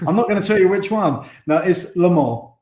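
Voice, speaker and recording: A man's voice: high-pitched, brisk, darkish tone, reverberant. An English man, a former racing driver, chatting as a guest over a video call and often restarting his sentences. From England. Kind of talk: casual interview chat.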